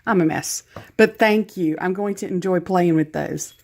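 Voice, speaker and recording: A woman's voice: on the low side, moderate pace, darkish tone. A woman with a Southern US accent chatting casually as she opens a craft gift package, gushing and laughing at herself. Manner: gushing, self-deprecating, chatty. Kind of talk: casual unboxing chat.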